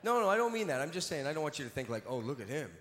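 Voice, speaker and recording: On a big stage at a large live venue, a man races through stand-up comedy in a slightly high, sing-song voice, teasing and bantering playfully with the audience. The echoey hall has a long reverb and crowd ambience, with background noise.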